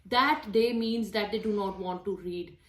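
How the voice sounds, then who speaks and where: A woman's voice: medium pitch, unhurried, background noise. Mother explaining reading tips, roomy echo. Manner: friendly and explanatory, with some fillers. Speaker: mother giving reading tips for young children. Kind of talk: casual instructional talk showing books.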